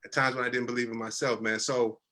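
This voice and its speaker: Man, 30s, bright voice, earnest storyteller, teary-eyed, casual and heartfelt. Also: mid-range voice, little pitch movement, fast talker. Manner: earnest, conversational, drops into quoted voices. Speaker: guest telling his life story. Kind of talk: emotional personal storytelling.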